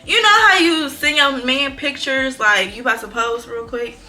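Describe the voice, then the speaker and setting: A young woman tells a story to her viewers in a bright, forceful voice that sits a little high. She talks in a lively, profane, exclamatory way. Faint music plays behind her. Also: normal speed. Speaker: vlogger. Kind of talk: casual storytime.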